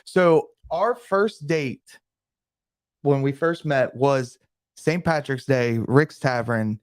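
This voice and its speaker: A man's voice: mid-range voice, slow pace, clean tone, no room sound, studio quality. A man co-hosting a band podcast as the sound guy, full of teasing, joking banter. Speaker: sound engineer and podcast co-host. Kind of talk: casual podcast chat.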